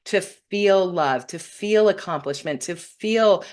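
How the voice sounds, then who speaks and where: A woman's voice: medium pitch, slow. A middle-aged woman hosting a spiritual talk, speaking earnestly and getting emotional when moved. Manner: earnest, warm-hearted, often tearful when moved. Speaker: spiritual teacher hosting a weekly broadcast. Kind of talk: heartfelt spiritual talk to viewers.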